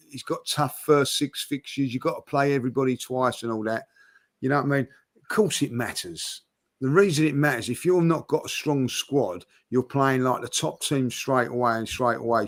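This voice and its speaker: A man talking football on a podcast, passionate and repeating his points for emphasis. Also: medium pitch. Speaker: podcast guest pundit. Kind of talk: casual football chat.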